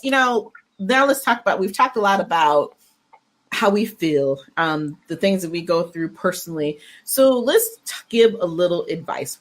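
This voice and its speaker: A woman's voice: fairly low pitch, fairly bright tone. A woman co-hosting a casual podcast, upbeat and talkative, with many fillers and restarts. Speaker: podcast co-host.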